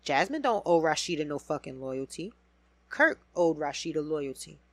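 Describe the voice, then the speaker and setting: A woman hosting a podcast alone, giving a casual, blunt and profane rant about reality TV with loud emphatic bursts. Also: low voice, sing-song, normal speed, no echo. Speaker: podcast host.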